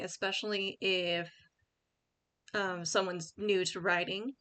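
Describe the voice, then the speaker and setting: A woman's voice: medium pitch, pushed and bright. A woman giving casual writing advice as the host of her own channel, rambling with many fillers and restarts. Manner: reads her own sample paragraph aloud. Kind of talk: casual screen-share tutorial.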